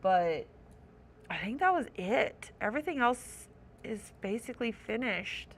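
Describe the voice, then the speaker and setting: A woman's voice: fairly high pitch, very animated, a little slow, a little hiss or hum. Chatty woman streamer touring a game house. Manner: chatty, self-correcting, wonder-struck. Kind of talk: casual live-stream commentary.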